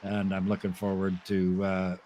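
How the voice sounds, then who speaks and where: A man from Canada calls a sim race live in a chatty, easygoing way, laughing often between remarks. His voice sits low, with a faint hiss of noise behind it. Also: monotone, moderate pace, mellow, poor audio. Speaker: sim racing commentator.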